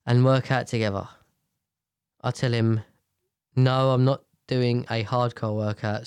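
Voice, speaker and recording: A man's voice: medium pitch, a little mellow, clean tone, no room sound, clean studio sound. Blunt, cursing man reading posts. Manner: blunt, profane, jokey asides. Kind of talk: reading posts aloud and reacting.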